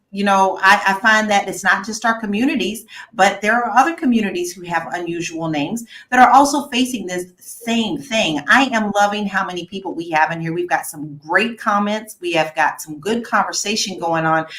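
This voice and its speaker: A woman in her fifties hosts a live panel discussion. She keeps the talk moving in a conversational way, at a middle pitch, and invites her guests to share their thoughts. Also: fairly bright tone, poor audio. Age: 50s. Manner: conversational, invites others to comment. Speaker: host.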